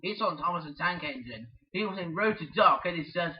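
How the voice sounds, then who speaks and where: A man doing goofy shouty toy-play voices. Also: a little high, expressive, brisk, lo-fi sound. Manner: shouty, giggly, switches between character voices. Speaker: fan video creator voicing toy characters. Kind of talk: playful toy-play acting.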